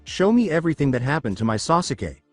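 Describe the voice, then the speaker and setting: A man reads out a calm, dreamy young female ninja with a lively voice. Soft music lies under the storybook reading. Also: fairly high pitch, quick pace.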